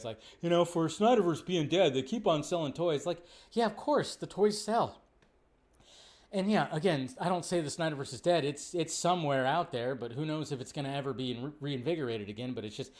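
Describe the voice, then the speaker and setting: Male streamer, slightly high voice, casual and animated commentary. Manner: animated, swears freely, mocks fans in a high put-on voice. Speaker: show host.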